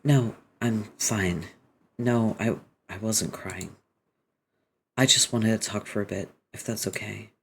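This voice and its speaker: A man voicing a hushed, tearful young neighbor. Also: lowish voice, takes it slowly, gravelly, a little hiss or hum, exaggerated voice. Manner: soft, hushed, hesitant. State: sniffling after crying. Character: tearful young neighbor phoning their mother.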